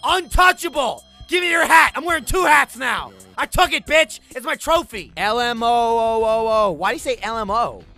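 Male gameplay commentator, high and lively, swears nonstop, sarcastic, yells at the game. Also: normal speed, gravelly, few pauses, faint music behind. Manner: sarcastic, excitable, swears constantly, erupts into shouts. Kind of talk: profane comedic gameplay commentary.

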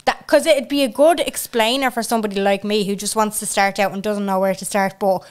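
A woman hosting a podcast, pitching ideas enthusiastically and trailing off mid-thought. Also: steady tone, brisk, clear, resonant tone. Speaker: podcast host. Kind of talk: casual podcast chat.

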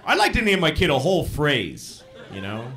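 Deadpan man doing stand-up to a crowd. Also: a little high, moderate pace. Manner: deadpan, self-mocking, profane. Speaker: stand-up comedian. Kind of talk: live stand-up comedy. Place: comedy club stage with audience. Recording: live club recording with crowd laughter.

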